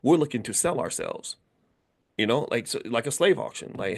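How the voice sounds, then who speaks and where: A middle-aged American man, a finance educator hosting his channel, giving an animated, casual motivational talk and acting out the voices of people he quotes. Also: medium pitch, moderate pace, vocal fry.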